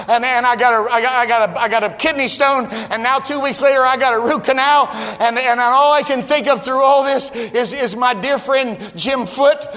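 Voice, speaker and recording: A middle-aged male pastor preaching, telling a personal story and building to loud, emphatic declarations. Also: very high-pitched, big-room sound. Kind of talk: sermon.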